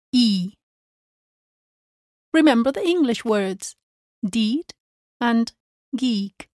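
Woman teacher, higher voice, deliberate slow drill delivery, dry close studio sound. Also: dry recording. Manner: slow, carefully enunciated drilling. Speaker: Spanish teacher. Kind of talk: pronunciation lesson.

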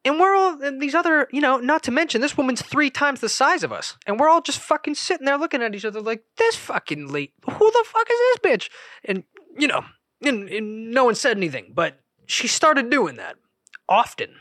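A man's voice: very high-pitched, animated, brisk, pushed and bright, no room sound, studio quality. A man hosting a podcast, telling a rambling, profane story in a casual monologue. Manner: rambling, profane, self-interrupting. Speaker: podcast host.

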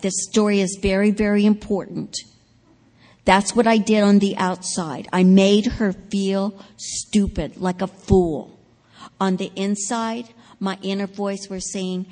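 A woman gives a sermon testimony in a big hall, and her voice trails off into a long reverb. She tells her story dramatically and swells loud at the key moments. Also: medium pitch, steady tone, unhurried. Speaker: preacher.

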